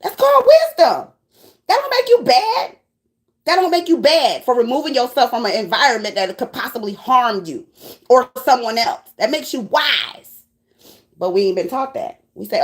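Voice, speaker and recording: High-voiced woman preaching bluntly. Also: normal speed. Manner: blunt, profane, preachy and animated. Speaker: tarot reader. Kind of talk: spiritual pep talk to viewers.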